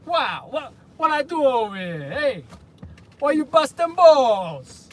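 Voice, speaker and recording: A man doing a shrill yelling mob wife. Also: very animated, slow pace, heavily acted. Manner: yelling, indignant.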